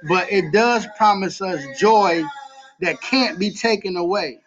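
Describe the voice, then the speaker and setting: In a slightly dull lo-fi recording, a man hosting a podcast gives an earnest personal talk on faith and grief, returning to key phrases for emphasis. His voice sits high, with a fairly bright tone and an unhurried pace.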